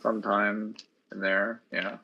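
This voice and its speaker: A man's voice: lowish voice, little pitch movement, unhurried, dull audio, slight background noise. A young man playing a video game on stream, chatting in a laid-back way and sharing opinions about games. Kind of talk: casual gaming stream chat.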